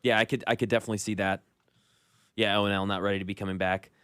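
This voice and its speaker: A man talking sports on a radio show, quick and agreeable. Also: lowish voice, level tone, a bit bright, clean tone, dry recording, clean studio sound. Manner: quick, agreeable, says yeah a lot. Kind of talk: casual sports talk.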